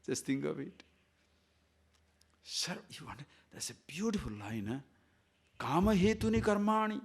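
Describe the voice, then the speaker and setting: A man's voice: mid-range voice, big pitch swings, measured pace, gravelly, husky. A man giving a discourse on scripture as a spiritual teacher, emphatic and full of rhetorical questions, sometimes chanting verses in Sanskrit.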